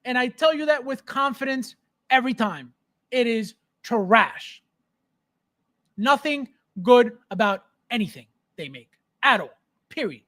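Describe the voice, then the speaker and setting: A man's voice: very high voice, lively intonation, a little slow, pushed and bright. A man hosting a casual livestream, reading chat and ranting bluntly and emphatically about his hobby. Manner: reads chat aloud, laughs often. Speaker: livestream host.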